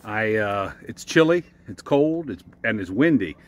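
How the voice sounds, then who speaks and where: Low-voiced man vlogging outdoors. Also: expressive, a little slow. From Mid-Atlantic US. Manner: rambling, with many fillers and restarts. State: out of breath. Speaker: homesteading vlogger. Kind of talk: casual walking vlog. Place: outdoors in a backyard by a chicken coop.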